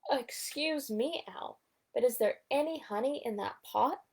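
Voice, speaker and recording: A woman's voice: high-pitched, a little slow, vocal fry, a little mellow, full character voice. A woman voicing a good-natured, simple male teddy bear with easygoing, cheerful greetings, in a storybook read-aloud. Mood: hopeful.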